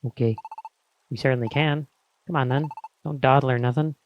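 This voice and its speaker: A man reading rough carpenter's apprentices. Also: mid-range voice, fairly even intonation, moderate pace, highs cut off, a little hiss or hum, natural voice. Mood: brusque. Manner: brusque, working-class slang. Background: game music.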